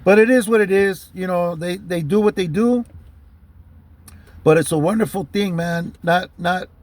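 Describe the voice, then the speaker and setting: A man's voice: sits high, moderate pace, no room sound. A man telling personal stories in a heated, profane, rambling way. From Southern California. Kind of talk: casual storytelling monologue.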